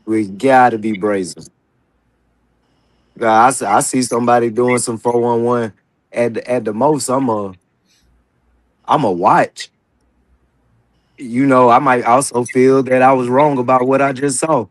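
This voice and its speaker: A man speaking in a relaxed, colloquial way and often restarting his sentences. His voice sits mid-range, and the recording is dry and close. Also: mid-range voice, measured pace, pauses often, no echo, poor audio. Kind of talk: casual discussion.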